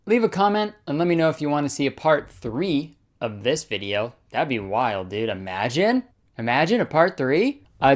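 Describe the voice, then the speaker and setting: A young man giving casual, sarcastic comedy commentary as a YouTuber, swearing, laughing often and saying "dude" a lot. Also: medium pitch. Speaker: comedy YouTuber reading fan fiction aloud.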